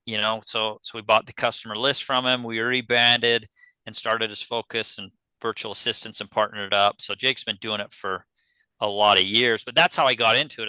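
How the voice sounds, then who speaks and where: Bright, crisp-voiced man telling stories. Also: on the low side, dry recording, low-quality recording. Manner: animated storyteller acting out his own quoted dialogue. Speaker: podcast guest, pest control business owner. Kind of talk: casual conversational storytelling.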